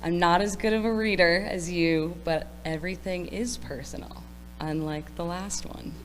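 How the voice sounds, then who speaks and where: Woman, poetry reader, low-ish voice, casual asides, long hall reverb, faint hum. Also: fairly even intonation, moderate pace, faint music behind. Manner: casual, self-deprecating asides between poems. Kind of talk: open mic poetry reading. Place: library event room.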